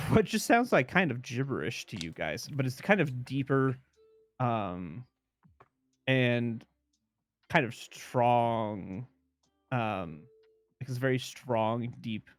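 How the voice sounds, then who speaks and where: A man narrating a tabletop game as game master, rambling with many pauses and fillers. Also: medium pitch.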